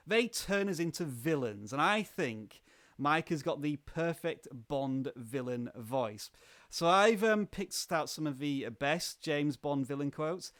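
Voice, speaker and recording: Enthusiastic male livestream host, fairly high. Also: fairly bright tone. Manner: enthusiastic, chatty, halting restarts. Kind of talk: casual interview chat.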